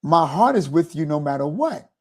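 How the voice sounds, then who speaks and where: A man voicing a confused husband who apologizes and reassures his wife, speaking softly. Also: on the high side, sing-song, normal speed. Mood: reassuring.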